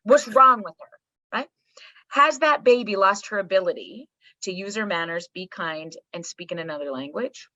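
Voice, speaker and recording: A middle-aged woman, a psychologist guest, talking candidly in a blunt, profane, animated storytelling manner. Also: medium pitch, moderate pace, no room sound. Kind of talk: candid podcast conversation. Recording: slightly muffled dry recording.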